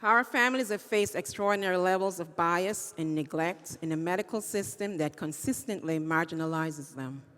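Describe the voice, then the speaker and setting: A woman's voice: on the low side, normal speed, hardly any pauses, fairly bright tone. Earnest woman giving a welcome speech. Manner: earnest, thanking and listing supporters. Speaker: executive director of an advocacy group. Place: large hall at a state house. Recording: echoey hall reverb.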